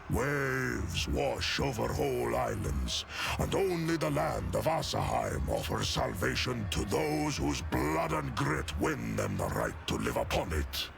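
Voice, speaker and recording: An actor voicing a proud giant male space-wolf warrior in a video game, with a slow, dramatic storytelling delivery. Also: heavily acted. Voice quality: gravelly, booming. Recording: game audio with loud music.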